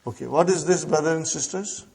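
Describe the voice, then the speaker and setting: Slow-repeating male Arabic teacher. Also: fairly high pitch, creaky, a little mellow, a little hiss or hum. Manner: repeats phrases slowly, prompts the class with "huh?". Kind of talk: classroom lesson.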